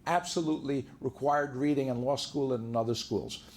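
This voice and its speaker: A man's voice: mid-range voice, a little fast, a little mellow, a little hiss or hum. A man, a divorce lawyer, giving a seminar to a live audience in a conversational way, full of anecdotes. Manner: conversational, anecdote-driven, acts out quoted dialogue.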